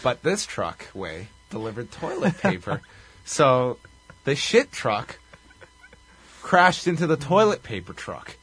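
A husky-voiced man chatting casually on a podcast. He recaps a movie plot wryly and with plenty of swearing, laughing at his own jokes. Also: mid-range voice, sing-song, slow pace, fairly bright tone, faint music behind. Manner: wry, profane, laughs while recapping. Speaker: podcast co-host.

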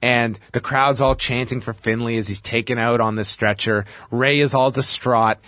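A man co-hosting a casual chat show, recapping wrestling matches play by play in an animated way. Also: mid-range voice, moderate pace, dry recording. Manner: lively, animated storytelling. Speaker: podcast co-host recapping wrestling.

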